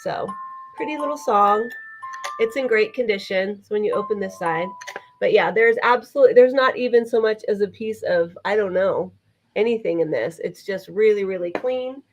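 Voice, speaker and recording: A woman's voice: medium pitch, normal speed, lo-fi sound, soft background music. A woman co-hosting a live vintage sale, chatting enthusiastically as she describes items. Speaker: vintage seller co-host.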